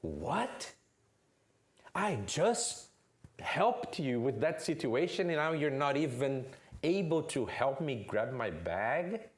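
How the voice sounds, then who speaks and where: A man's voice: medium pitch, big pitch swings, slow pace. A man voicing a tired father who coaxes his wife and his son in a weary tone. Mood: indignant. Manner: coaxing, weary. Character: tired, hungry father coming home.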